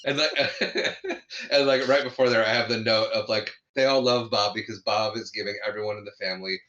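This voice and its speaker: A man's voice: on the low side, steady tone, brisk, sharp tone, highs cut off. A man co-hosting a podcast, recapping a movie in casual chat and laughing often as he tells the scenes. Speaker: podcast co-host.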